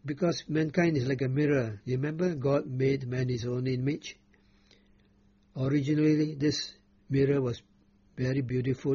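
A man preaching a Bible teaching sermon, reading scripture slowly and deliberately and stressing the quoted verses. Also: mid-range voice, mellow, breathy edge, no echo. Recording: muffled lo-fi recording.

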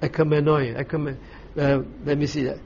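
A man giving a Bible study, explaining scripture in a measured way with frequent pauses and restarts. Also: on the high side, little pitch movement, a little mellow. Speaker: Bible teacher. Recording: slightly dull recording with faint ambient noise.

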